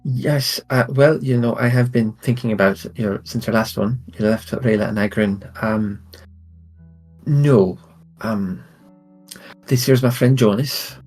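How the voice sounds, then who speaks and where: A man playing a gentle character in a tabletop game, speaking hesitantly and stumbling over words. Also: mid-range voice, unhurried, faint music behind. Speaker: player. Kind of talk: in-character tabletop role-play.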